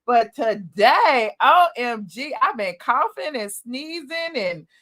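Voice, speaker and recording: A woman hosting a casual livestream from a home office, slightly hoarse, chatting straight to her viewers. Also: sits high, big pitch swings, takes it slowly, a bit bright. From Atlanta. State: a little hoarse. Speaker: livestream gossip host. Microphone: USB desk mic.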